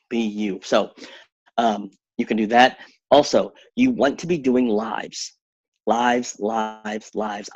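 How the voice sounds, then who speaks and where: A man with a slightly husky, mid-pitched voice delivers an upbeat coaching workshop, pushing his listeners on and now and then squeaking up high to act out his own doubts. The sound is dry and a little dull, like lo-fi online call audio. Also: dry recording. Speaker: workshop speaker. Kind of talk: motivational social media coaching talk.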